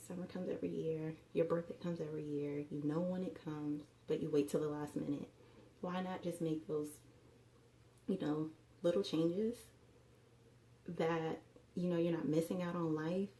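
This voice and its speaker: A woman talks earnestly to her viewers about health, coaching them along in a loose, chatty way. Her voice sits a little low and sounds warm and mellow. The room around her rings with a noticeable echo. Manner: earnest, coaching, repeats "you know" often. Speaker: health and fitness vlogger. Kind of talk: casual motivational talk to camera.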